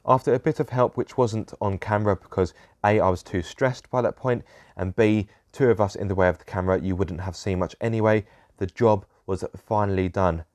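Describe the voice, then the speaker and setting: A man's voice: fairly low pitch, brisk, few pauses, darkish tone, no room sound. A young man narrating his own car repair vlog, grumbling in a self-deprecating way about fiddly parts. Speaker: car vlogger. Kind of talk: casual DIY vlog narration.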